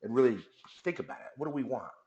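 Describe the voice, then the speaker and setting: A man's voice: medium pitch, fast, echoey room, dull audio. A man guest on a talk radio interview, telling a story casually and acting out the back-and-forth dialogue. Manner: lively storyteller who acts out dialogue. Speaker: company executive guest.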